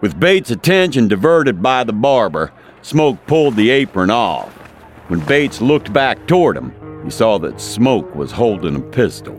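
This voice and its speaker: Male narrator, lowish and expressive, dramatic audiobook reading, soft music underneath. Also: a little slow.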